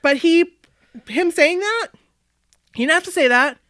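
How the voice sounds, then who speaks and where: A woman's voice: very high-pitched, a little slow, no room sound, clean studio sound. A woman from Maine co-hosting a podcast, telling a long story in casual chat and acting out the voices of the people in it. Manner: animated storytelling with bright acted-out quotes. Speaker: podcast co-host.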